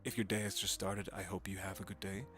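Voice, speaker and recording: A man, a voice actor, chatting casually on a home livestream with a gravelly vocal fry, giggling and wandering between topics. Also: low voice, flat delivery, fast talker, fairly bright tone. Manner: chatty, giggly, drifts into voice demos. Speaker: voice actor streaming.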